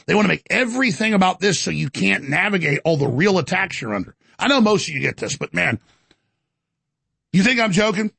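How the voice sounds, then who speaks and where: A man's voice: sits high, very animated, quick pace, gravelly, bright, forceful tone, breathy edge, no room sound. A male talk show host ranting sarcastically, with mocking asides and stammered restarts. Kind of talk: ranting talk radio monologue.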